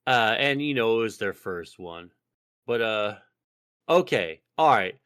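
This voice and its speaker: A man's voice: on the low side, expressive, unhurried, a bit bright, clear, resonant tone, no room sound, studio quality. Rowdy, foul-mouthed man on a podcast. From Texas. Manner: profane, rowdy, rambling with frequent fillers. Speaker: podcast co-host. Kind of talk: casual podcast banter.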